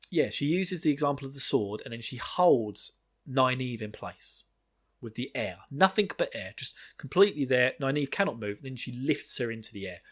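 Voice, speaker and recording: A man's voice: medium pitch, a bit bright. Rambling, laughing man recapping a book. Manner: rambling, laughing, swearing, quick acted quotes. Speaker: podcast host. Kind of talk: casual chat recapping a book.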